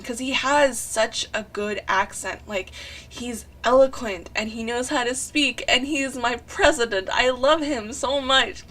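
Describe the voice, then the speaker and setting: A young woman talking over her drawing video, gushing and rambling excitedly with sighs and lots of "like". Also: on the high side. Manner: rambling and breathless, often saying "like". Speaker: artist narrating a drawing video. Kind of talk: casual chat voice-over.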